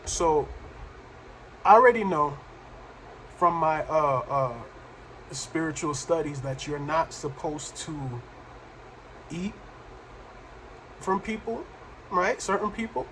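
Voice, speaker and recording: A man hosting a reaction show, commenting in a reflective, halting way with fillers. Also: fairly high pitch, animated, fairly bright tone, slight background noise, poor audio. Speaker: host.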